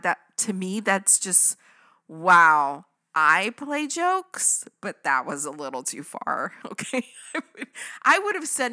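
A woman's voice: medium pitch, slow. A woman podcast host telling a story in a casual, chatty way, often checking in with her listeners. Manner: animated, chatty, keeps checking in with "right?" and "okay?".

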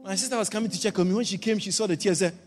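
A middle-aged man from Ghana with a Ghanaian accent, a bishop preaching a sermon built on a personal story, animated, laughing often and breaking into shouts. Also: high voice, very fast. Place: church hall. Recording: church hall reverb, faint music.

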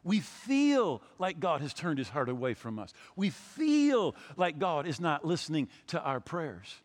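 Lively older man preaching in a church. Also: fairly high pitch, measured pace, big-room sound. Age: 60s. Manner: storytelling preacher, repeats words, acts out quotes. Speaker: pastor. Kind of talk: sermon.

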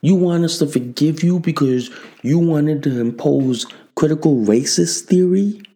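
Slow ranting show host, gravelly and kinda mellow, swearing nonstop. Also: medium pitch. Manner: profane, ranting, repetitive. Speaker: podcast host. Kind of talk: angry political commentary monologue.

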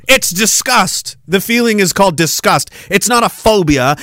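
Male podcast host, profane mocking ranter, bright sharp voice, dry close sound. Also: sits high, animated, normal speed, few pauses, no room sound. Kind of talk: ranting commentary.

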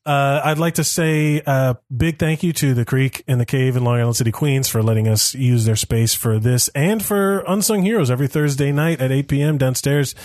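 A young man hosts a podcast at a mid-range pitch. He chats excitably, stammers through repeated words and swears casually. His voice is recorded close and dry. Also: normal speed, few pauses, no echo. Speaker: podcast host. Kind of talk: casual chat.

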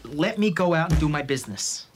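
A man's voice: sits high, brisk, noisy background, pitched above the performer's own voice, natural voice. A man voicing a demanding, hot-tempered male fight manager who keeps raising his voice. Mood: angry. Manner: demanding, impatient, raises voice.

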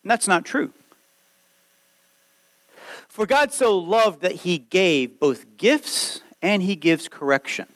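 Animated high-voiced preaching man. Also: slow pace, long pauses, low-quality recording. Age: 30s. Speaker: pastor. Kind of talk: sermon.

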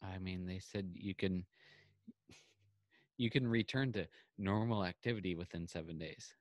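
A man's voice: low voice, normal speed, dry recording. A man co-hosting a podcast, telling a story in casual chat and acting out both sides of the conversation. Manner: animated retelling with quoted back-and-forth. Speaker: podcast co-host. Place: home, on a video call.

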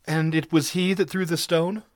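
A man voicing a frightened, timid young woman in a read-aloud story, raising his pitch for her anxious questions. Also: flat delivery, moderate pace, close to an everyday voice.

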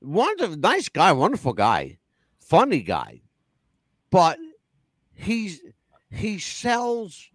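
Male talk-show host, lively storyteller, pitch bounces all over, profane, dry close mic. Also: slow pace, dry recording. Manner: animated storyteller, swears freely. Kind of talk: casual chat show talk.

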